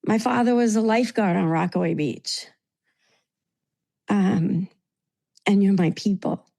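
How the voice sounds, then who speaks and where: New lady on a video call, emotional and grateful, mellow voice. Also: mid-range voice, a little slow, gravelly. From New York. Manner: heartfelt, tearful at times, grateful. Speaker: meeting participant. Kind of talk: emotional sharing in a recovery meeting.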